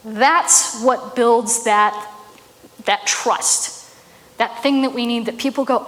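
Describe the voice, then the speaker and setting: A woman's voice: fairly high pitch, steady tone, slow pace, fairly bright tone, in a large hall. A woman giving a casual, chatty talk on marketing, often tossing in "right?" asides. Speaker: marketing speaker.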